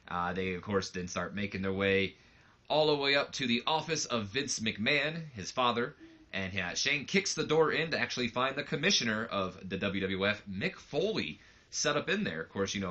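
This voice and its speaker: A man's voice: on the low side, bright, forceful tone, muffled recording. Rambling male game commentator. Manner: rambling, loose, lots of fillers. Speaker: let's play host. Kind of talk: casual let's play commentary.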